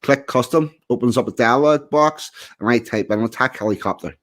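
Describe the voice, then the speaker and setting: A man chatting casually on a stream, explaining a point with dry, deadpan jokes. His voice sits at an ordinary middle pitch. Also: a little fast. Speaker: stream co-host. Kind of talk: casual chat.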